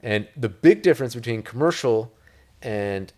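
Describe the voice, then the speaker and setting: A man's voice: mid-range voice, animated, normal speed, dark tone. A man from Italy, an interview guest talking about real estate in a loose, rambling way, full of filler words. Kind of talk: casual interview talk.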